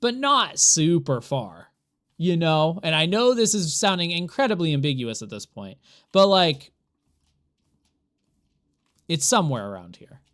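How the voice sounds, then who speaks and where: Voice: mid-range voice, big pitch swings, measured pace, pauses often, a bit bright. A streamer chatting to viewers during a live gameplay stream, rambling and exasperated, laughing often. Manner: exasperated, rambling, talks to chat while playing.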